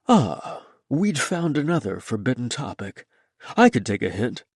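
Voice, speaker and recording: Male audiobook narrator, first-person storytelling, lively pitch, dry booth sound. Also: dry recording.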